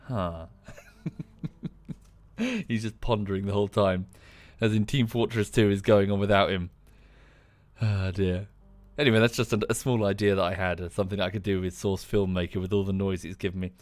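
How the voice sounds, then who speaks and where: A man's voice: sits low, little pitch movement, a little fast, dry recording. A man, chatting casually on a live game stream, tired and dry, rambling with frequent ums.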